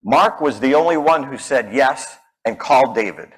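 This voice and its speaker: A man giving a storytelling talk as a public speaking coach, lively and acting out the people in his stories. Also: medium pitch, normal speed, rough recording. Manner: animated, acts out quoted voices.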